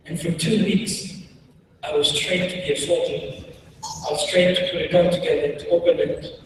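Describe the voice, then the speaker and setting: A man tells a personal story as a keynote speaker, in a voice somewhat high for a man. He speaks in slow, measured phrases with weighty pauses. The sound carries a long echo through a large hall and is picked up from a distance. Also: noisy background. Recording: echoey hall recorded from far off.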